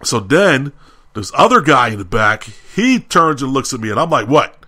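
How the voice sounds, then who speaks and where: A young man on a podcast, telling a heated story with loud, ranting quotes of what he said. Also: mid-range voice, sing-song, moderate pace. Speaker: podcast co-host. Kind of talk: casual storytelling.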